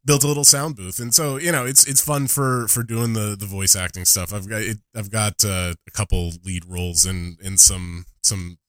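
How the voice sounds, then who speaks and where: A man's voice: fairly low pitch, level tone, moderate pace, few pauses, fairly bright tone, no room sound. A middle-aged man in casual podcast chat, laughing often and stumbling through restarts. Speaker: podcast guest and former co-host.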